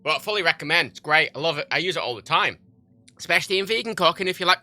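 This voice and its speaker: Sharp-voiced, profane streamer rambling animatedly. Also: male voice, fairly high pitch, sing-song, quick pace. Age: 30s. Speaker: livestreamer. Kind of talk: casual livestream chat while gaming.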